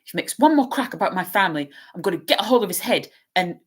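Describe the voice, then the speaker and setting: A woman's voice: mid-range voice, expressive, fast, breathy edge, voice pushed up. A woman voicing a hot-tempered teenage schoolboy wizard in a storybook reading, talking bluntly and grumbling. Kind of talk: storybook read-aloud.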